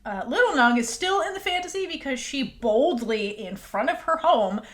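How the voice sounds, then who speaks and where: High-voiced animated woman podcast host. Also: normal speed. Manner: animated, swearing, acts out quotes, laughs often. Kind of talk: casual recap chat.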